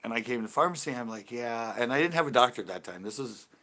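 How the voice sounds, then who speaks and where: A man's voice: mid-range voice, expressive, rapid-fire, bright, forceful tone. A man hosting a casual video chat, telling a rambling story with many restarts and self-corrections. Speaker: channel host talking to live chat. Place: home porch.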